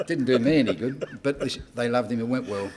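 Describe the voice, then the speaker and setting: An older man with an Australian accent, a podcast guest telling lively backstage anecdotes and acting out the dialogue. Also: medium pitch, quick pace, slight background noise. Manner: animated anecdote-teller, acts out dialogue in raised voice. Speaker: guest, entertainment promoter. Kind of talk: casual storytelling on a podcast.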